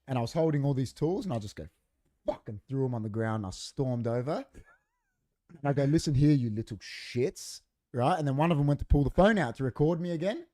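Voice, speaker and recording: A man's voice: medium pitch, fast talker. A man on a podcast in a studio, telling a story in casual, profane chat and acting out what people said. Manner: profane, animated, acts out quoted dialogue. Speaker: podcast co-host.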